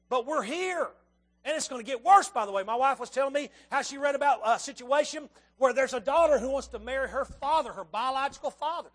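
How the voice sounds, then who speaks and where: High-voiced preacher man. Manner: emphatic, rhetorical questions, swings loud and soft. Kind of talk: sermon.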